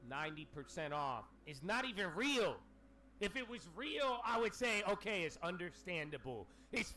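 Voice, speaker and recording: Male streamer, loose profane rant to chat, bright edge, slightly high, faint noise bed. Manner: profane, animated ranting with slang. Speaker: livestream host. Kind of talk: casual livestream rant.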